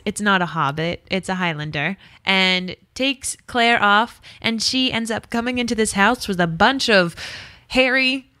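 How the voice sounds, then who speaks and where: A woman's voice: medium pitch, bright, forceful tone, clear, resonant tone, no room sound, studio quality. A woman co-hosting a podcast in casual chat, wry and teasing. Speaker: podcast co-host.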